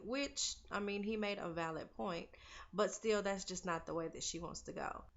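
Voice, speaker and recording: A woman's voice: medium pitch, normal speed, creaky, lo-fi sound. A young woman casually recapping a TV episode, chatty and opinionated, talking to viewers like friends. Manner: chatty and opinionated, talks to viewers as "girl" and "y'all". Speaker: TV recap vlogger.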